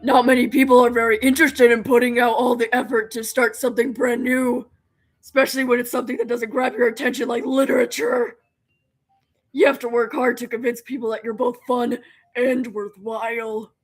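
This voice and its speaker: A woman's voice: a little high, steady tone, brisk. Woman doing an upbeat, confident teen club president. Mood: encouraging. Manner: upbeat, encouraging, talkative. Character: confident, friendly teenage club president girl. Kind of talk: reading a visual novel aloud.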